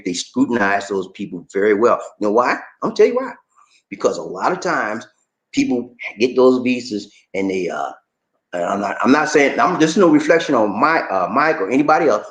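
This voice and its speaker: A man hosting a casual livestream, reading viewer comments aloud and reacting to them in a lively, talkative way. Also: on the low side, brisk. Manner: animated, shouts catchphrases, reads comments aloud and reacts.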